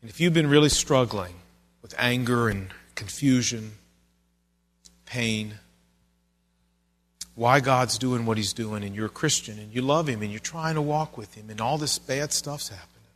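A male pastor preaching a sermon in a church, earnest and conversational, sometimes dropping to soft, low passages. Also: measured pace, pauses often.

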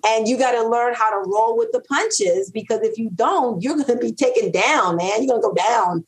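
Interviewed casually as a guest copywriter, a middle-aged woman whose first language isn't English speaks with animation and repeats phrases to stress her points. She talks at normal speed in a slightly high voice, and the audio is poor.

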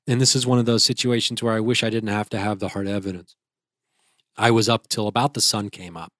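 A man's voice: fairly low pitch, a bit bright, dry recording, studio quality. A young man, a guest, retelling a frightening experience in a vivid, casual way with restarts. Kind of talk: casual storytelling.

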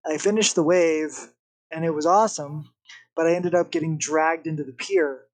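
A young man, a podcast guest, telling a story in a casual, animated way. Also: on the high side, moderate pace. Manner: animated, vivid retelling with acted-out quotes.

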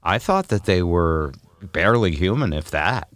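A man's voice: deep voice, expressive, measured pace, fairly bright tone, no room sound. An older man hosting a podcast, chatting casually in a wry, self-mocking way and stumbling over his words. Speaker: podcast host.

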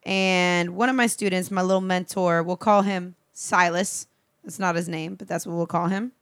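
A woman telling a work story on a podcast in a casual, profane, animated way, laughing often. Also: lowish voice, moderate pace, clean tone, dry recording, studio quality. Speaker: show regular and guest co-host. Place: podcast studio.

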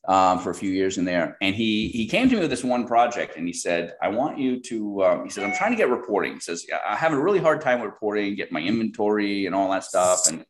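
Middle-aged guy w a lowish voice, rambling business story, lots of ums, does little voices for people he quotes. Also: very animated, brisk, few pauses, slight background noise. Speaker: guest, software business founder. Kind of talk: casual storytelling interview.

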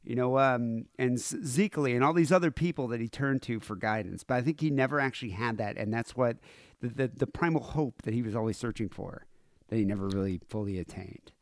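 A male podcast host rambles casually, leaning on fillers and easy laughs. His mid-pitched voice sounds close and dry. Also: a little fast, no echo. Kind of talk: casual chat.

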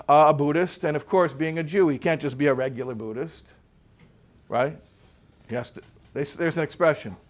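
Rabbi lecturing students, storytelling style, slightly higher-pitched male voice, animated, lots of restarts. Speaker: rabbi giving a talk. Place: room in front of a student group.

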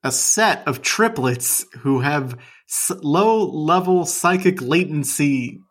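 A man's voice: a little high, lively intonation, slow, a bit bright. A man co-hosting a comedy podcast, riffing loosely and correcting himself as he talks. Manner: riffing, rambling, self-correcting. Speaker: podcast co-host. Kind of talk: comedic casual banter.

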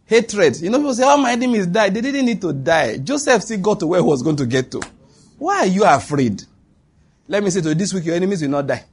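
A man's voice: sits high, big pitch swings, fast, slightly rough. A man preaching a sermon in emphatic, repeated declarations to a congregation. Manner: emphatic, repetitive declarations with bursts of laughter. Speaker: pastor. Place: church with a congregation answering.

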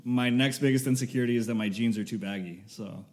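A man's voice: medium pitch, quick pace, a little mellow. Easygoing man musing on a podcast. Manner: thoughtful, quotes sayings, laughs easily. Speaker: podcast co-host. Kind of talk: casual chat.

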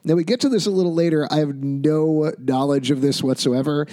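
A man's voice: fairly high pitch, a little fast, mellow. A man co-hosting a podcast, recapping a TV episode in casual chat with wry, analytical asides. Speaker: podcast co-host.

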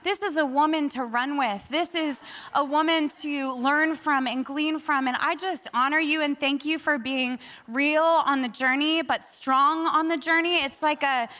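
A woman from Washington State speaking at a church service, praying and then chatting in an expressive, emotional way. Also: high voice, unhurried. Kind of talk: prayer and sermon talk.

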